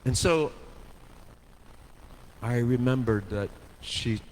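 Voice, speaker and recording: A man preaching a sermon, telling a story with dramatic swings from hushed to soaring delivery. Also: mid-range voice, slow. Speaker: pastor. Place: church sanctuary. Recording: long hall reverb, faint noise.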